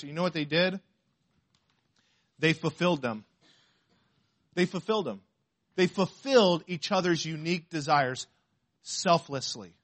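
A man preaching a sermon to a congregation, reading scripture aloud slowly and asking the listeners questions. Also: on the high side, a bit bright. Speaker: pastor.

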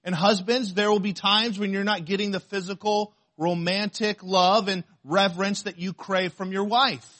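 High-voiced preaching man. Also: fairly even intonation, a bit bright. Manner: earnest preaching, reads scripture aloud slowly, asks the congregation questions. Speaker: pastor. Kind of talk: sermon.

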